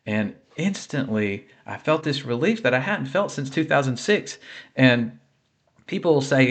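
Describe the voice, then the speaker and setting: A man's voice: mid-range voice, lively intonation, unhurried. A man sharing a personal faith testimony of healing, speaking earnestly and conversationally with fillers and restarts.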